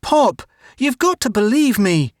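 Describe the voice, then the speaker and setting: A man's voice: very high-pitched, big pitch swings, unhurried, dry recording, clean studio sound, pitched above the performer's own voice, exaggerated voice. A man voicing an earnest, clever young boy in a storybook reading, his voice lifted somewhat above his own. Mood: protesting.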